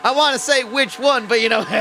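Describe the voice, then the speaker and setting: A man's voice: extremely high pitch, a little slow, vocal fry, over music. A man calling a race as play-by-play commentator in a rambling, folksy way, often stumbling over his words.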